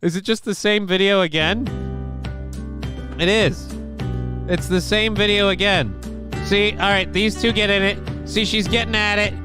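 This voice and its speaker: A man hosting a late-night livestream, chatting casually and cracking crude jokes over clips. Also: sits high. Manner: crude joking, acts out voices. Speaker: show host.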